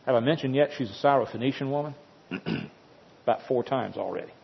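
A man preaches a sermon, retelling the story with dramatic emphasis and insistent repetition in a husky, slightly breathy voice of medium pitch, talking a little fast. His sound is dull and muffled, followed by a long reverb like that of a large church.

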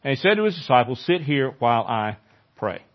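Animated preaching man, slightly muffled. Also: medium pitch, fairly quick. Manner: conversational, animated when quoting scripture. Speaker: pastor. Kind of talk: sermon.

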